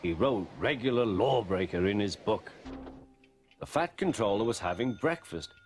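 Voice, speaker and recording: A man reading a storybook aloud in a measured, expressive way. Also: lowish voice, faint music behind. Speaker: narrator. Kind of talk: storybook narration.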